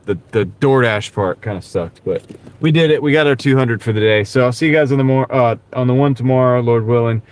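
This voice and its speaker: A man hosting a live stream from his car while gig driving. He chats casually with viewers in a laid-back, rambling way and often says "dude". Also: medium pitch. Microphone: wireless clip-on mic.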